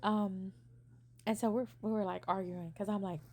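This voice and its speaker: A young woman casually telling a personal story, animated, acting out what people said and using many fillers. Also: mid-range voice, normal speed.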